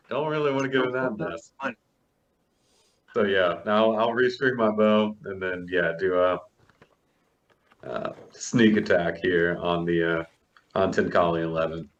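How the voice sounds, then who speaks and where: Slow, low-voiced laid-back male player. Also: steady tone, lo-fi sound. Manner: laid-back, laughs often. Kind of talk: casual game chat.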